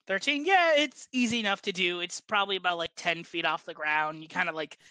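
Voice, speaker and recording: Game master running a tabletop session, rambly with lots of uhs, bright dry close mic. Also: mid-range voice, brisk, dry recording. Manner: loose, hesitant narration with fillers and laughs.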